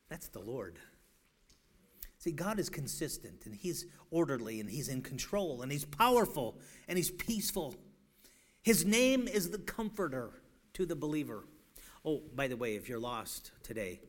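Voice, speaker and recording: A male preacher giving an evangelistic sermon in a church, shouting one moment and pleading softly the next, often repeating himself. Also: mid-range voice, expressive, moderate pace. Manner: swings from shouting to hushed, pleading; repeats words and restarts. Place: church sanctuary.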